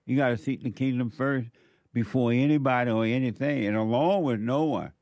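Emphatic radio host lecturing listeners. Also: male voice, mid-range voice, brisk, darkish tone, dry recording, lo-fi sound. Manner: emphatic, lecturing, often laughing. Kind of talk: call-in talk show preaching. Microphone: studio mic.

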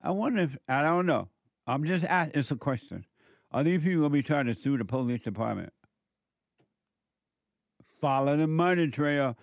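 A man's voice: a little high, moderate pace, creaky, pauses often, dry recording. A man giving a preachy, sarcastic commentary on a news clip, mocking and repeating his phrases for emphasis.

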